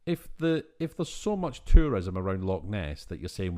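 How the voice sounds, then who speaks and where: A man with a Scottish accent, co-hosting a casual film-review podcast in an animated, exasperated way and swearing freely. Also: medium pitch, normal speed, hardly any pauses. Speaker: podcast co-host.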